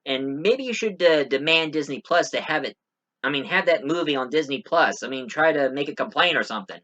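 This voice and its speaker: A man's voice: on the high side, animated, a little fast, pushed and bright. A man giving a casual spoken movie review, rambling with many fillers and restarts.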